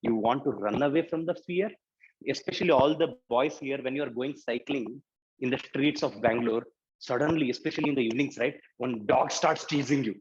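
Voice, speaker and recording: A man's voice: mid-range voice, fast talker, lo-fi sound. A man with an Indian English accent, giving a motivational talk to school students, tells a story and keeps asking the audience questions. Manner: animated storyteller, quizzing the audience with rhetorical questions.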